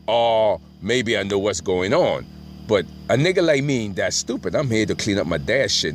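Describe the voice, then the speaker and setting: A middle-aged man telling a rambling, profane story and often asking "right?". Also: lowish voice. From Brooklyn, New York.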